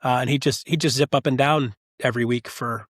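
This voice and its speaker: Man, podcast guest, lively storyteller, mid pitch, dry close sound. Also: a little fast, dry recording. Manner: animated storyteller, acts out quoted voices. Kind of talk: casual storytelling chat.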